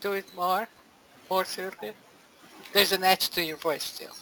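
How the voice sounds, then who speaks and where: A woman's voice: lowish voice, fairly even intonation, moderate pace, bright, forceful tone, slight background noise, rough recording. A woman coaching a group on a call, blunt and emphatic, laughing often. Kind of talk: casual group coaching talk.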